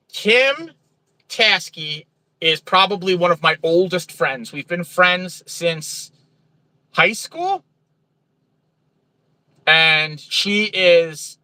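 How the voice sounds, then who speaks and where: A man with a New Jersey accent chats on a livestream from a truck stop. His voice sits a little high and has a sharp, forceful edge. The sound is dry and close, with no room around it. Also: no room sound, rough recording. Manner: chatty, friendly, greets viewers by name. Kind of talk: casual livestream chat reading viewer comments.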